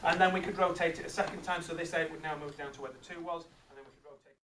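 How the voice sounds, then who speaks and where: A middle-aged man teaching a class of children, asking lively questions and checking with tag questions. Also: on the high side, racing. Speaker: teacher leading a maths master class. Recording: echoey classroom from far off, noisy.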